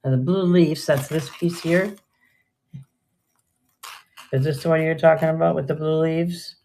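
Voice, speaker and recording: Older woman with a gravelly voice. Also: sits low, steady tone, measured pace, warm tone, slight background noise. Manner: chatty and rambling, trailing off mid-sentence. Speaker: live-stream jewelry seller. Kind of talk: casual live-sale chat.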